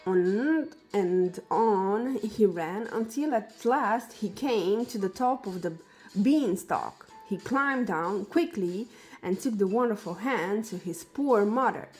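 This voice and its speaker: A woman reads a children's fairy tale aloud at a very slow, careful pace. Her voice sits at an ordinary middle pitch. Soft music plays faintly behind her. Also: animated. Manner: slow, deliberate storybook reading. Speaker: storyteller.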